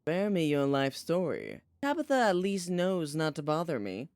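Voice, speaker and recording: A streamer voicing a surly, misanthropic house animal in a story game, speaking slowly with cold contempt. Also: mid-range voice, huge pitch swings, a little mellow, dry recording. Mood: contemptuous.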